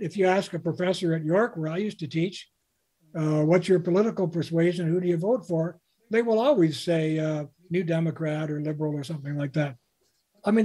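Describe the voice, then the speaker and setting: A man's voice: a little high, dark tone, husky. An older man from Canada, a guest author, telling anecdotes in an interview and quoting people along the way. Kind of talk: interview storytelling.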